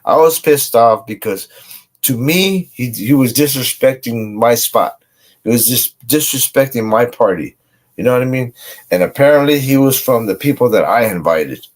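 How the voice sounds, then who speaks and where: A man's voice: mid-range voice, expressive, normal speed. A man casually telling a boastful street story, swearing often. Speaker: guest.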